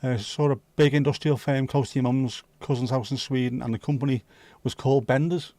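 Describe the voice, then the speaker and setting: Sweary jokey Brummie livestream host. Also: male voice, medium pitch, steady tone, warm tone, dry recording. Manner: banter with sweary jokes and quick asides. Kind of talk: casual chat with viewers. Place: home livestream setup.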